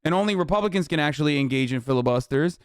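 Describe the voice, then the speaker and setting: A man with a smooth, clean voice pitched a little above the usual for men, ranting heatedly on a live stream. He swears freely and turns sarcastic as he tears into what he hears. The sound is dry and close, with no room around it. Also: animated, rapid-fire, no echo. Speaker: streamer reacting to news. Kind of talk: live-stream reaction rant.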